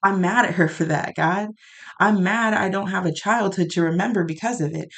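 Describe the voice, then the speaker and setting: A woman's voice: mid-range voice, normal speed, fairly bright tone. A woman speaking an emotional prayer aloud, raw, pleading and angry.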